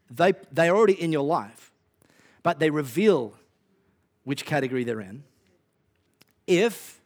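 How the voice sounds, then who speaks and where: An Australian-accented male pastor delivering a sermon with a fairly high voice for a man. He talks in a loose, conversational way, punchy and laced with wry self-deprecating jokes. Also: breathy edge.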